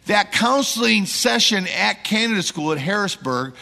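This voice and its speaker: Acting out the characters in his stories, a middle-aged man preaches a sermon as a missionary in a church sanctuary. He speaks at a moderate pace in a high-sitting voice with vocal fry, and long reverb lingers in the big hall.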